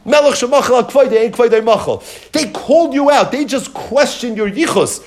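A man's voice: very high-pitched, a little fast, a little mellow, voice pushed up. A man voicing a scheming male royal advisor who needles a king toward revenge, as part of a taught story. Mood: goading. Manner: needling, egging on.

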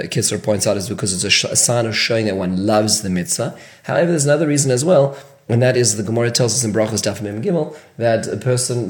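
Male rabbi-teacher, lower register, informal Q&A lesson delivery with restarts, roomy echo. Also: a little mellow. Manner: question-and-answer delivery with frequent restarts and fillers. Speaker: rabbi teaching Jewish law. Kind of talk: Q&A-style halachic lesson.

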